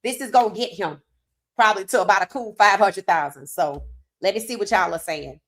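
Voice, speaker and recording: A woman hosting a live sports talk stream, reading viewer comments aloud and reacting with animated opinions, her voice worn from hours of streaming. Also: mid-range voice, brisk. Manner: animated, talks straight to chat, reads comments aloud. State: losing her voice.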